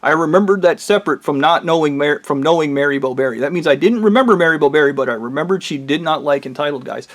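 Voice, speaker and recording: A man's voice: a little high, fast, few pauses, a bit bright. A man telling a rambling personal story, swearing casually and acting out the back-and-forth of a conversation. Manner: rambling, profane, quoting in dialogue.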